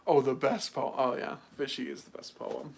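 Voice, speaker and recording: A young American man hosts his own livestream in a creaky, mid-range voice at a moderate pace. He chats casually, rambling with plenty of fillers, and comes across as animated and mocking.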